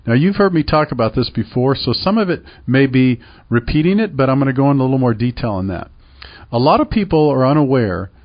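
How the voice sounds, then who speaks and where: Middle-aged man, emphatic radio host, rhetorical questions, medium pitch, slightly dull radio audio. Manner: emphatic and persuasive, repeats points, asks rhetorical questions. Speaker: radio show host and real estate professional. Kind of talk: call-to-action radio talk.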